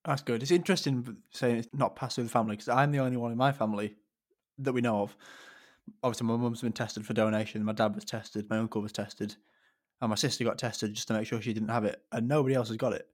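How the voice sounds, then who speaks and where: A man hosts an interview in a mid-range voice. He asks his questions in a relaxed, conversational way. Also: medium pitch, fast.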